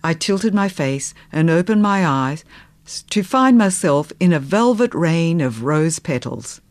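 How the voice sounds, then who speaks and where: A woman narrating a period novel in the first person, with soft, unhurried storytelling that sometimes sinks to a near-whisper. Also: sits low, lively intonation, no echo. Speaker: audiobook narrator.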